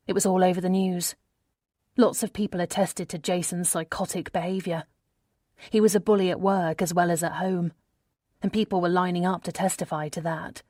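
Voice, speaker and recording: A woman narrates a first-person audiobook in a measured, intimate way. Her voice sits on the low side. The close studio recording is dry, with no room sound. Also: mellow, no room sound.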